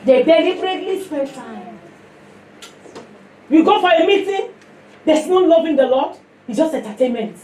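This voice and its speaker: A woman with a Nigerian accent preaching a sermon to a fellowship, passionate and emphatic, swinging between loud and hushed. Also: sits high, lively intonation, normal speed, long pauses, reverberant, distant mic, a little hiss or hum.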